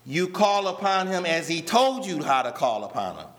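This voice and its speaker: A man preaching a sermon as pastor, drawing words out slowly for emphasis and speaking to a congregation that answers back. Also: on the high side, very animated, a bit bright, long reverb tail. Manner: preaching with slow drawn-out emphasis; addresses a responding congregation. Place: church.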